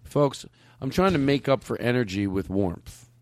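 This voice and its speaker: A man's voice: medium pitch, normal speed, no room sound, clean studio sound. A man co-hosting a comedy podcast, bantering wryly while wrapping up the show. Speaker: podcast co-host.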